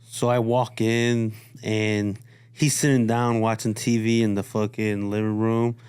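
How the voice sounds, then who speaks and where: A man from Chicago telling a story in relaxed, casual conversation. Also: on the low side, a little slow, clear, resonant tone, dry recording. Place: studio.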